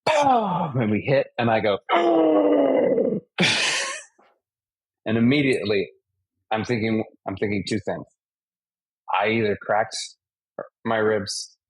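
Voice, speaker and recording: Man, 40s, stunt performer guest, husky, vivid storyteller. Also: lowish voice, no room sound, low-quality recording. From United States (Massachusetts). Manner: animated anecdotes, acts out impacts and sound effects. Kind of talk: casual storytelling interview.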